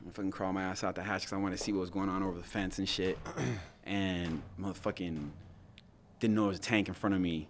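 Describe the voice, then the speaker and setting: A man's voice: low-pitched, fast, a little hiss or hum. A man telling a war story on a podcast in casual, profane talk, acting out what people said. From United States. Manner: profane, animated storytelling with acted-out quotes. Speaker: podcast guest.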